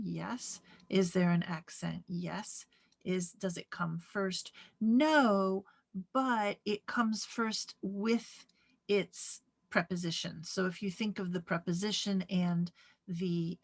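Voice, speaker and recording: A woman's voice: fairly low pitch, vocal fry. A woman teaching a Greek grammar lesson, patiently walking through each example and answering her own questions. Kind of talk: slow, step-by-step lesson with many fillers.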